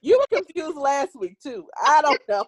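A woman in a casual chat about a TV show, explaining points calmly. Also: sits high, moderate pace, dry recording.

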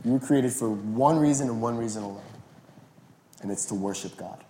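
A male pastor giving a sermon in an animated, conversational way. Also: mid-range voice, normal speed, a little hiss or hum. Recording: roomy echo.

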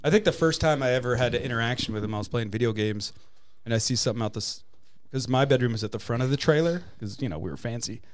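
A man's voice: mid-range voice, quick pace, no echo. Laid-back man telling rambling stories. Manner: rambling storyteller, laughs often, swears freely. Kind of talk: casual chat.

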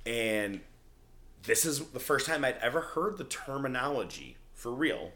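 A podcast host with a mid-range voice talks at a moderate pace, chatting casually as he recaps a TV show. He's animated and swears a lot, acting out quotes in character voices.

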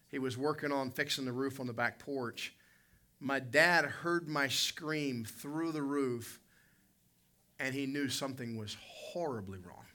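A man preaching with a very bright, forceful tone, spinning a folksy personal story from the pulpit. He talks straight to his congregation and calls on people by name. He moves from loud, emphatic lines to quiet, low asides. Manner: folksy, vivid storyteller who addresses listeners by name. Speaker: pastor.

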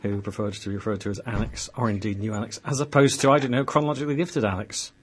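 A quick-talking man hosts a chat show on local radio. His voice is husky, and his talk rambles with a wry, quick wit. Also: lowish voice, fairly even intonation. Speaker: radio host.

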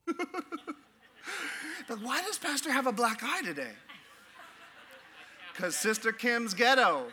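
High, bright-voiced preacher, animated and laughing. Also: male voice, unhurried, long pauses. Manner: animated, laughing, playful asides. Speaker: pastor. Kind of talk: sermon. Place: church.

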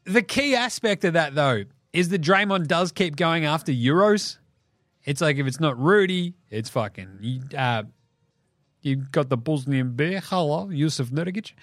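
An Australian man hosting a basketball podcast, ranting in an animated, profane way and laughing between jokes. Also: fairly high pitch, unhurried, dry recording, studio quality. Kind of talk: solo sports podcast rant.

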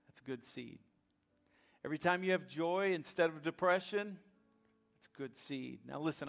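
A man preaching a sermon as pastor, rising to loud emphatic passages with dramatic pauses. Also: on the high side.

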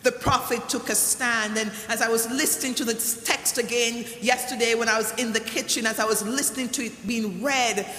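A preacher delivering a sermon, repeating a lament refrain with drawn-out, slowed emphasis. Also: mid-range voice, fairly even intonation, bright, forceful tone. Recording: echoey hall, faint room noise.

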